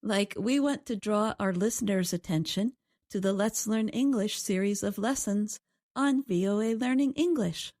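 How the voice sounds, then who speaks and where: A woman co-hosting an English lesson, giving calm, clear explanations of word meanings. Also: medium pitch, normal speed. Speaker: co-host and English teacher. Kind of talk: scripted teaching dialogue.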